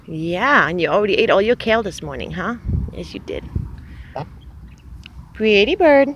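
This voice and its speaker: A woman's voice: fairly low pitch, expressive, a little fast, fairly bright tone, a little hiss or hum. A woman filming her pet goose, coaxing and praising it in doting, singsong baby talk. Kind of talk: casual home video, baby talk to a pet.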